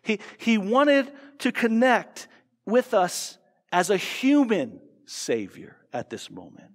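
A man's voice: high voice, huge pitch swings, slow pace. Earnest American man preaching in a reverberant hall. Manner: earnest, with repeated restarts and rhetorical questions. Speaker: pastor. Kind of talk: sermon. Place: church sanctuary.

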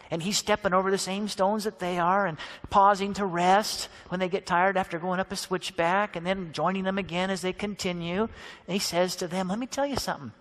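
A man's voice: sits high, a bit bright. A man preaching a storytelling sermon, dramatic and acting out the characters' voices.

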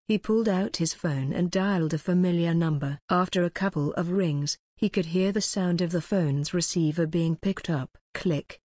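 A woman narrating an audiobook, reading in an even, steady way. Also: on the low side, no room sound, studio quality. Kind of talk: scripted narration.

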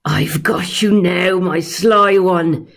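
A woman doing a slow crooning saint. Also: low-pitched, sing-song, darkish tone, slightly rough, full character voice. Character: determined saint, crooning and stubborn.

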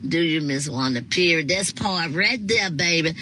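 A woman's voice: deep voice, lively intonation, normal speed, sharp tone, slight background noise, rough recording. A woman, chatting casually with viewers as she reads out their comments, laughing often and talking back to them. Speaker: live-stream host reading viewer comments. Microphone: phone.

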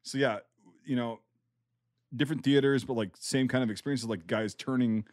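A man's voice: mid-range voice, steady tone, normal speed, a little mellow, no room sound, clean studio sound. A man hosting a podcast, chatting loosely and profanely and asking follow-up questions. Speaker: podcast host. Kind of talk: casual chat.

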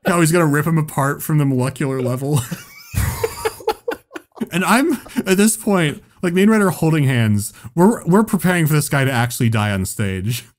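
A man on a podcast telling a story in a casual, profane, animated way and laughing as he goes. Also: a little high, moderate pace. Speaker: podcast host.

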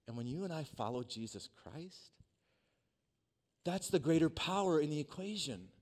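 Animated man preaching a story-driven sermon. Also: on the high side, normal speed. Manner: animated storyteller, swings from hushed to loud, humorous asides. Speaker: pastor. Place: church.

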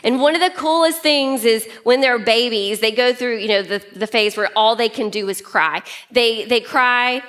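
A woman pastor preaching a sermon in an animated way, often shifting pace and pitch. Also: moderate pace, few pauses.

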